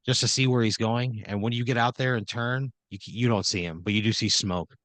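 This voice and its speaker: A man's voice: medium pitch, fairly even intonation, brisk, a bit bright, dry recording. A man hosting a comedy podcast, narrating an improvised scenario in second person with lots of fillers and restarts. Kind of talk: improvised storytelling.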